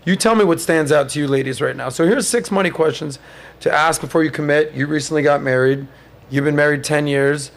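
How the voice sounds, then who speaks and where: A man in his thirties hosting a casual podcast chat, telling stories in an animated way and mimicking others in high mocking voices. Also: fairly quick, creaky. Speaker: podcast host.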